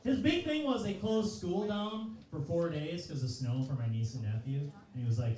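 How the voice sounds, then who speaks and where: A man's voice: on the high side, normal speed, few pauses, mellow, heavy reverb, distant mic, low-quality recording. A man in his thirties doing a loose, profane, self-mocking stand-up comedy set in a comedy club. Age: 30s. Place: comedy club stage, live audience.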